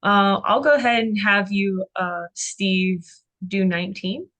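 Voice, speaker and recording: A woman tutor leads a Greek reading session, speaking slowly and with plenty of fillers. She talks in an encouraging way, reassuring students as they try words aloud. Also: mid-range voice, fairly bright tone. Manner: encouraging, unhurried, with frequent fillers.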